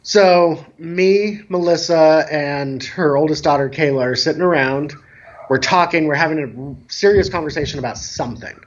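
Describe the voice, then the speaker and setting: A man guest telling a casual story about himself in a relaxed, self-mocking way, over a remote call. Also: on the high side, normal speed, highs cut off. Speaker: guest, dance DJ.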